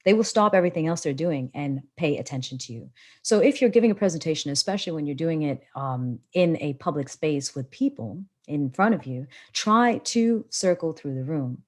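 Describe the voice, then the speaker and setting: A woman coaching public speaking in a live webinar, her voice sitting slightly low but swinging widely in tone as she talks. Her delivery is animated and expressive, and she speaks into a laptop on a video call. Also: normal speed.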